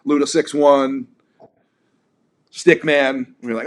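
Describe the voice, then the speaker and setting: A man with a mid-range voice co-hosts a relaxed podcast, drifting through loose stories with plenty of filler words. He swears casually and keeps an easygoing tone. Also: mid-range voice, moderate pace. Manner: rambling storyteller, swears, fillers like "like". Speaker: podcast co-host. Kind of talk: casual chat.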